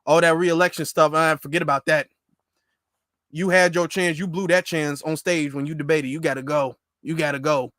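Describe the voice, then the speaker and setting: A blunt older woman politician keeps pressing her point and repeats herself, as a man puts her on. The voice sits high and sounds dry and close. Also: fairly even intonation, normal speed, a bit bright, dry recording, natural voice. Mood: insistent. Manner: blunt, pushy, repetitive.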